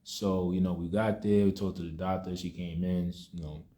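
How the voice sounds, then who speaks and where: Deep-voiced man with a mellow, reflective tone. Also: steady tone, normal speed. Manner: rambling with many "you know" fillers and restarts; subdued and reflective. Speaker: vlogger sharing a personal testimony. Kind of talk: casual spoken testimony.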